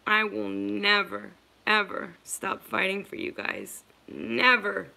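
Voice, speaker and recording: A woman talks slowly and earnestly to her livestream viewers, her voice bright but edged with a gravelly fry. She sounds emotional and repeats her words of support. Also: mid-range voice, very animated. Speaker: livestream host.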